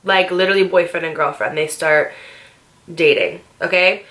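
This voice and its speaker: A woman's voice: on the low side, fairly even intonation, moderate pace, fairly bright tone. A young woman vlogger telling a storytime tale in a chatty, dramatic way, with slang and swearing. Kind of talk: casual storytime monologue.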